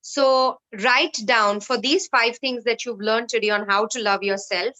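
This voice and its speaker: A woman's voice: on the high side, a little slow. A woman in her thirties with an Indian accent, leading a self-love workshop and telling stories, slipping in Hindi phrases. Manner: lively, mixes Hindi phrases, acts out quoted voices. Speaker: workshop facilitator. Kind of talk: workshop talk with anecdotes.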